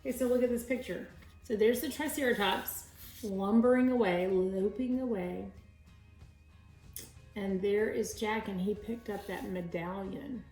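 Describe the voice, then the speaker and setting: A woman's voice: mid-range voice, unhurried, darkish tone, reverberant, faint music behind, poor audio. A woman reading a children's book aloud as a teacher, with chatty asides to her young listeners. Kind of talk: read-aloud storytelling.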